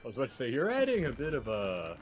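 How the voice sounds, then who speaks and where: A man's voice: medium pitch, huge pitch swings, quick pace. A man bantering as co-host of a game stream, teasing and joking. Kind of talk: casual banter.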